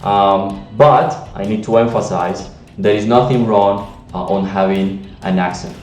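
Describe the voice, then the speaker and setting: A man's voice: fairly low pitch, a little slow, darkish tone, reverberant, far from the mic, faint music behind. A man with a Latin American Spanish accent, giving an earnest teaching talk on language learning with frequent restarts. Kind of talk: teaching monologue to camera.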